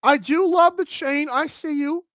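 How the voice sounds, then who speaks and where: A bubbly, animated woman chats casually through a fashion segment on a talk show. Her voice sits high, and the close mic gives it a dry sound with no room around it. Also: unhurried, no room sound. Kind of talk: casual chat.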